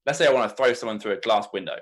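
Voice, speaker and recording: Man, podcast host, low voice, jokey, casual. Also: rapid-fire. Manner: jokey, reading listener questions.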